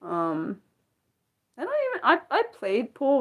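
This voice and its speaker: A woman's voice: medium pitch, huge pitch swings, takes it slowly, fairly bright tone. Young american woman streaming, chatty and scattered, voice goes way up and down. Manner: rambling, many fillers and restarts, talks to chat viewers. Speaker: livestream host. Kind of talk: unscripted livestream chat.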